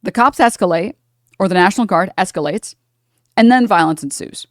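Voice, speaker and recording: Woman streamer, rapid profane ranting, lowish voice, dry close mic. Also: expressive, no room sound. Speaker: streamer reacting to a clip. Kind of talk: casual political commentary.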